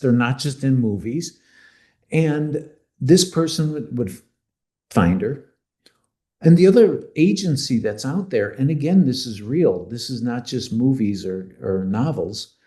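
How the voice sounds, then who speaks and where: Guy on a podcast laying out his theories with confidence, kinda mellow warm tone, mid pitch. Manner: opinionated, explanatory, confident in his views. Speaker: podcast co-host and expert commentator. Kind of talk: casual podcast discussion.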